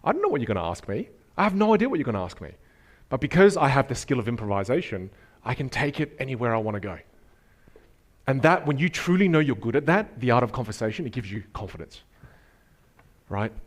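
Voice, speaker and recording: A man giving a motivational workshop talk to a live audience, animated and emphatic, taking questions from the crowd. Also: mid-range voice, quick pace. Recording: speech over loud background music.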